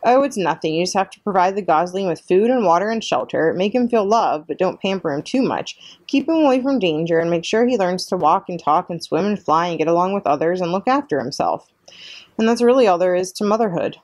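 A woman's voice: lowish voice, expressive, a little fast, darkish tone, no room sound. A woman reading aloud, voicing a blunt, bossy old female goose who squawks and lectures.

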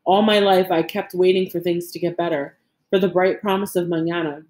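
A woman's voice: lowish voice, steady tone, a little fast, a little mellow, reverberant, close to an everyday voice. Woman reading as a guilt-haunted old grandfather. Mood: calm, resolved. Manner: earnest, pleading, grief-stricken.

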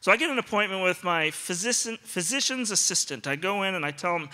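A man's voice: sits high, lively intonation, fast talker, sharp tone. A man, a pastor, giving a sermon, telling self-deprecating stories with humor and acting out dialogue. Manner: self-deprecating, comic storytelling with acted-out dialogue. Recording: long reverb of a large hall.

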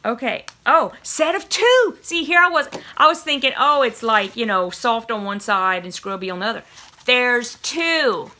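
A woman's voice: on the high side, expressive, normal speed, bright, forceful tone. A young woman chatting through an unboxing at home, gushing and giggling, cooing and whispering to her cats. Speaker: vlogger unboxing a subscription box. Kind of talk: casual unboxing vlog chatter.

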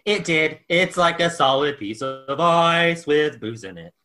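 A man's voice: on the high side, animated, unhurried, bright, forceful tone, faint music behind. A man co-hosting a podcast, chatting playfully and laughing a lot. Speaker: podcast co-host. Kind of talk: casual chat.

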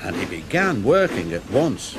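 Slow expressive storybook narrator, man. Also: lowish voice, noisy background. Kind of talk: storybook read-aloud.

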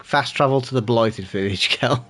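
A man's voice: medium pitch, moderate pace, noisy background. A man streaming a co-op game with friends, joking and laughing often in casual banter over a headset mic.

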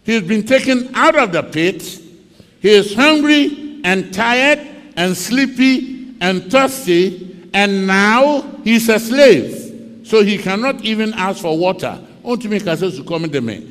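A man's voice: sits high, expressive, slow, a bit bright. Ghanaian preacher man, swoops up and down a lot, dramatic story sermon, hall echo. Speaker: pastor.

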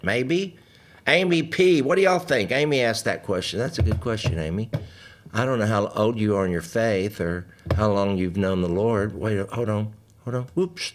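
An older man, hosting a live stream in a folksy, joking way and chatting with viewers. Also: fairly low pitch. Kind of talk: casual live-stream chat and hymn singing.

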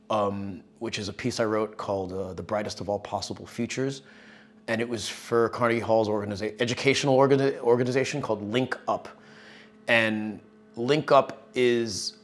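Musician guy chatting loose in an interview, lots of "like" and "uh", swears a bit, average pitch. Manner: rambling, loose and profane, lots of fillers. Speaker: musician guest. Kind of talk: casual interview storytelling.

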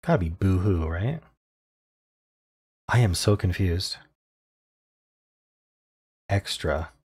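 A man solving a crossword out loud, muttering clues and thinking aloud in an unsure, self-questioning way. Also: deep voice, animated, takes it slowly, husky. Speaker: puzzle-solving video creator.

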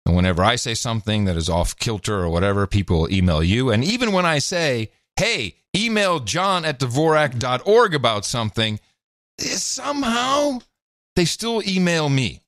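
A man's voice: medium pitch, expressive, normal speed, hardly any pauses, fairly bright tone, dry recording, studio quality. A man co-hosting a podcast, chatting and laughing in an upbeat way. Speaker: podcast co-host. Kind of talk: casual podcast chat.

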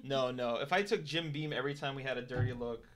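A man's voice: mid-range voice, fast talker, fairly bright tone. A man co-hosting a stream, giving sarcastic running commentary on a bad novel being read aloud. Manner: mocking, exaggerated, bursts of laughter. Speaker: stream co-host.

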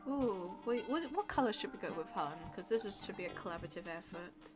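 A woman hosting a casual gaming chat, giggly and excitable as she plays along with a friend. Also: medium pitch, fast talker. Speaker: channel host. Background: clear game music.

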